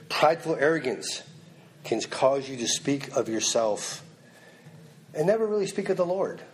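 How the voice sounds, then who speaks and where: A man's voice: mid-range voice, lively intonation, normal speed, a little hiss or hum. A man preaching a sermon, stressing points by repeating them and acting out the lines he quotes. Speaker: pastor.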